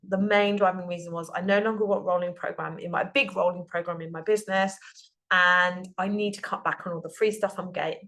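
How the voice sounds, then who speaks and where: A woman's voice: mid-range voice, a bit bright. Woman, heartfelt rambling podcaster. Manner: heartfelt and rambling, with many fillers and restarts. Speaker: podcast host and business coach. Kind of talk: casual solo podcast monologue.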